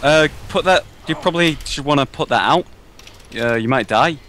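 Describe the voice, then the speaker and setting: A man's voice: a little high, normal speed, fairly bright tone, slight background noise. A young man co-commentating a game, teasing his friend in a dry way.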